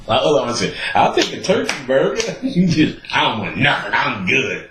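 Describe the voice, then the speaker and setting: A man hosting a podcast, telling stories in a profane, animated way and acting out the people he quotes. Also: medium pitch, moderate pace, reverberant, noisy background. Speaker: podcast host. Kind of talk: casual storytelling monologue.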